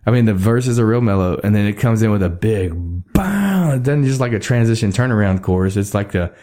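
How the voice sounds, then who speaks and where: A man's voice: on the low side, lively intonation, fairly quick, warm tone. A man, hosting a podcast in a rambling, laid-back way and laughing often. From Texas. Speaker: podcast host. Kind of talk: casual chat. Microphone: studio microphone.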